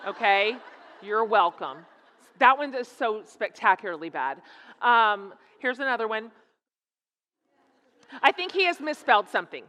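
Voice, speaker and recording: A middle-aged woman speaking as a guest speaker in a church, telling a humorous story in an animated, laughing, self-mocking way. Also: fairly high pitch, normal speed, a little hiss or hum. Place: church sanctuary. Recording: echoey hall.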